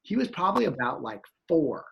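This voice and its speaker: A man telling a story in casual chat, animated and acting out reactions with exclamations. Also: fairly high pitch, fairly quick, creaky.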